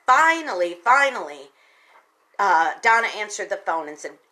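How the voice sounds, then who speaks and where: A woman hosting a radio talk segment, retelling a story with expressive, folksy emphasis and speaking straight to her listeners. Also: mid-range voice, measured pace, low-quality recording. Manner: folksy, addresses listeners directly. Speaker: radio station general manager.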